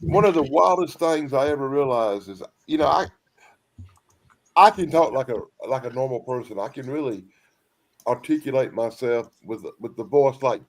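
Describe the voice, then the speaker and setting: A man's voice: medium pitch, animated, normal speed, low-quality recording. A man with a Southern US accent chatting as a panelist, in a folksy hillbilly drawl that repeats itself. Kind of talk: casual chat.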